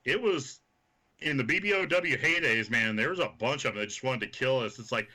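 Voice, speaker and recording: A man's voice: medium pitch, brisk. A man from Kansas, a wrestler guest, telling profane stories full of quoted voices in casual chat. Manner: animated, swearing anecdotes full of quoted voices.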